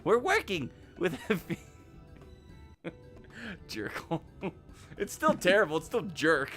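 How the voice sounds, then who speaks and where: A man's voice: high voice, sing-song, slow, a bit bright, faint music behind. A man streaming a game, chatting casually and joking with a co-host. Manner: joking, laughs often. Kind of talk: casual gameplay chat.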